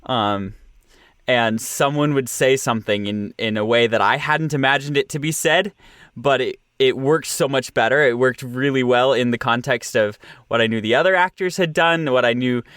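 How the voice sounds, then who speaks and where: Young man, halting and dry. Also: medium pitch, fairly bright tone, clear, resonant tone, no echo. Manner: halting, many fillers and restarts, laughs often. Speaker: audio producer and director. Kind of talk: casual interview.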